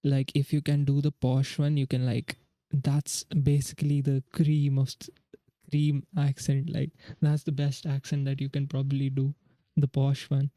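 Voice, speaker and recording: A man's voice: mid-range voice, monotone, measured pace, warm tone, dry recording. A young man from India, streaming live and thinking aloud as he works through quiz questions in casual chat. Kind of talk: casual livestream chat while studying.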